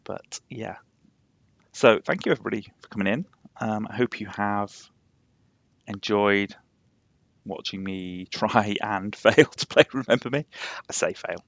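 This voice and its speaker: A man's voice: on the low side, measured pace, gravelly, long pauses, a bit bright, no room sound, lo-fi sound. A young man with a slightly posh Yorkshire accent, chatting rambly on a game live stream and laughing often. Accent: Yorkshire, somewhat posh. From England, Yorkshire. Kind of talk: casual live-stream chat.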